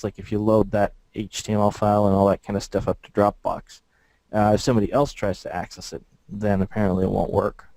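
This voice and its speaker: Mellow, low man explaining tech. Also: no room sound, low-quality recording. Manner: easygoing, explanatory. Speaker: game developer. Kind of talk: casual technical explanation.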